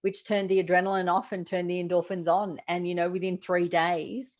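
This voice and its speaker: A woman's voice: fairly low pitch, flat delivery, a little fast. A woman hosting an interview, encouraging her guest and prompting him with questions. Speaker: podcast host. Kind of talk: interview conversation. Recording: dull lo-fi audio.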